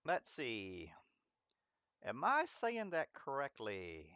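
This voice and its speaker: Male game streamer, mid-pitched, laid-back and rambling, talks straight to his chat. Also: huge pitch swings, slow, sharp tone, clear, resonant tone, dry recording. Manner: rambling, stumbles over names and laughs at himself. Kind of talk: casual live-stream gameplay chat.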